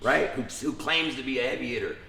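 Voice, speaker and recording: A young man speaking casually in an interview, retelling events in a lively way, acting out the people he quotes, with lots of profanity. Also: mid-range voice, fairly quick, creaky, reverberant. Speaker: interview guest.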